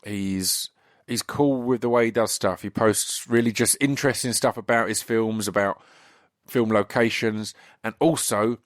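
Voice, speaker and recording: Croaky English man hosting a podcast. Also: fairly low pitch, no echo, studio quality. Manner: rambling, chatty, many restarts and fillers. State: slightly croaky voice. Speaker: podcast host. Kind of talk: casual solo intro.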